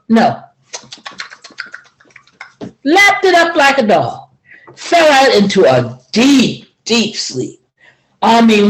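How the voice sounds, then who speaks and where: Lively older woman telling a folk tale. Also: low-quality recording. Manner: lively, acts out each figure with big pitch jumps. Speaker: storyteller. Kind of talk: folksy spoken storytelling.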